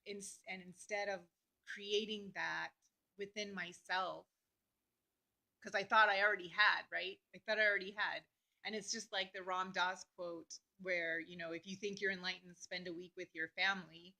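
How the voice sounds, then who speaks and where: A woman vlogger talking earnestly and openly about her feelings, with many fillers and pauses. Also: medium pitch, fairly even intonation, creaky, sharp tone, poor audio. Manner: earnest, heartfelt, talks through emotion with many fillers. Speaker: astrology vlogger. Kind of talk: personal reflective talk to camera.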